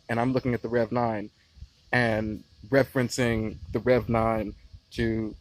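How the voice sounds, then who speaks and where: A man in his late twenties giving a passionate, profane, rambling movie review outdoors. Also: medium pitch. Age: late 20s. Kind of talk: casual rant-style review. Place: outdoors near a beehive.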